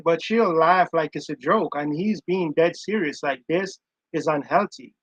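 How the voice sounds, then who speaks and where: A man's voice: fairly high pitch, fairly bright tone, no room sound, muffled recording. A man giving casual, emphatic commentary on a live stream, reacting to audio he plays and repeating his points. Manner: emphatic, chatty, repeats himself.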